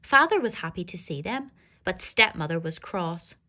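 A woman, a primary school teacher, reading a rhyming fairy tale aloud to young children in an expressive, sing-song way. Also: lowish voice, normal speed.

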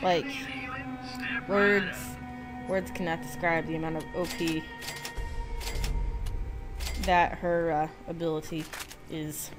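A woman's voice: fairly low pitch, flat delivery, slow pace, pauses often. Chatty woman gamer with a slight lisp. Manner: chatty, rambling, self-deprecating. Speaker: let's play gamer. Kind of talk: casual gameplay commentary. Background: game music.

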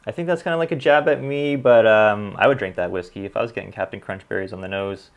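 A man's voice: mid-range voice, a little fast, few pauses. A man hosting a whiskey channel, chatting casually through viewer comments with plenty of ums and an easy, good-humored manner. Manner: relaxed, filler-heavy, good-humored. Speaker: whiskey reviewer and channel host. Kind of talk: casual vlog chat reading viewer comments.

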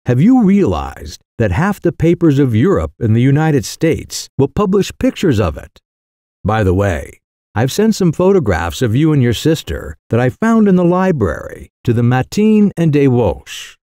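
A man voicing a sly young mischief-maker who delivers outrageous news in a calm, careless, mock-serious way. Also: mid-range voice, normal speed, no echo, studio quality. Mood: cool, mock-grave.

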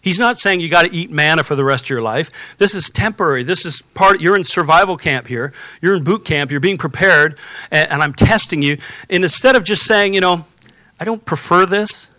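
A man's voice: fairly high pitch, brisk, sharp tone, no echo. A man preaching a conversational sermon, reading scripture and adding personal stories and rhetorical questions. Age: adult, has children. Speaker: pastor.

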